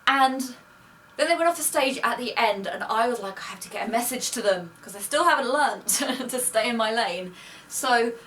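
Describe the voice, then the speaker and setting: A woman's voice: fairly high pitch, lively intonation, normal speed, fairly bright tone. A young woman telling a story in a chatty, gushing way, recorded as a casual vlog. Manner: chatty, gushing, quotes people in her own voice. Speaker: vlogger. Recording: distant mic with faint noise.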